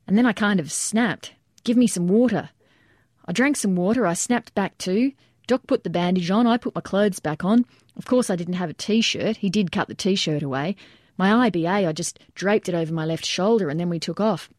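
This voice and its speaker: A woman's voice: medium pitch, normal speed, darkish tone, dry recording, studio quality, natural voice. A woman voicing a wounded male army first sergeant recounting events in a plain, matter-of-fact way.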